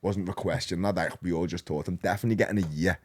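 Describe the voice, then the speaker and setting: A man in his thirties with a Liverpool accent, a podcast guest telling his story in a rambling, animated, slang-heavy way. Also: deep voice, fast talker. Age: 30s. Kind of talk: casual storytelling.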